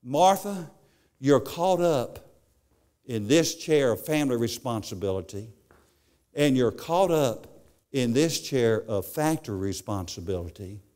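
A man's voice: mid-range voice, expressive, a little slow, mellow. A male preacher giving a sermon, telling stories and often repeating his words as he goes.

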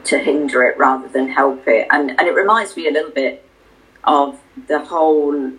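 A podcast co-host with a mid-pitched voice who winds slowly toward a question. The talk is meandering and self-deprecating, with many restarts. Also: a bit bright, low-quality recording. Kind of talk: casual conversation.

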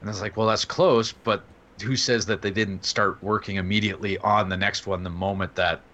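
A man's voice: fairly low pitch, fairly even intonation, normal speed, a bit bright, muffled recording. A man co-hosting a casual gaming chat, rambling as he explains things. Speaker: co-host.

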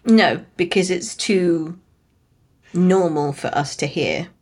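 British woman, lowish voice, dry jokey podcast chat, laughs a lot. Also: slow, a little mellow. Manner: dry, joking, laughs often. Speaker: podcast co-host. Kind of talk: casual book discussion chat.

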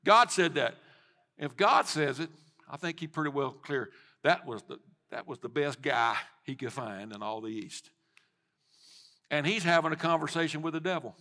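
Middle-aged male pastor, fervent sermon delivery, high voice, echoing sanctuary. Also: lively intonation, moderate pace. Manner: passionate preaching, swells to shouting. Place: church sanctuary. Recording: long church hall reverb.

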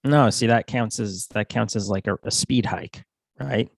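Low-voiced man rambling on a podcast. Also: measured pace, creaky, husky, no echo. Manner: rambling, with restarts and self-corrections. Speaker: podcast co-host. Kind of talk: casual chat.

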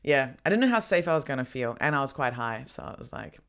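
Rambling, giggly woman with lively pitch. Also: quick pace. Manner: rambling, giggly, many fillers. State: a bit spaced out and drowsy. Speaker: podcast host. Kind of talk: casual comedy podcast chat.

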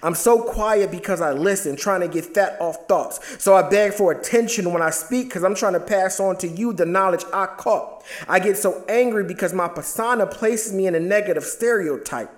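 A man's voice: high voice, normal speed. A man who is a father, performing spoken word poetry with a rhythmic, rhyming and intense delivery. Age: adult, a father.

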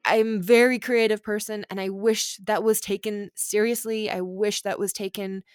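A woman's voice: medium pitch, level tone, moderate pace, no room sound, clean studio sound. A woman in her thirties in a candid, casual conversation, venting her frustration with many fillers. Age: 30s.

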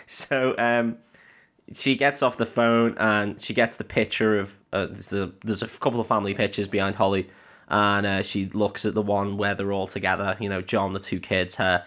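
A man's voice: lowish voice, flat delivery, normal speed, fairly bright tone. A man co-hosting a podcast, casually retelling a film in a rambling, jokey, sweary way with lots of ums. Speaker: podcast co-host.

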